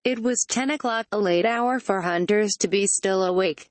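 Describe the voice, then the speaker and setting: A text-to-speech female voice narrating a horror audiobook with a flat synthetic reading. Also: medium pitch, moderate pace, dry recording.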